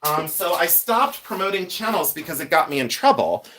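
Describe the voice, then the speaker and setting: Animated, chatty man hosting a livestream. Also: on the high side, moderate pace. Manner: chatty, reads viewer names aloud, laughs often. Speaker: livestream host sorting jewelry. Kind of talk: casual livestream chat.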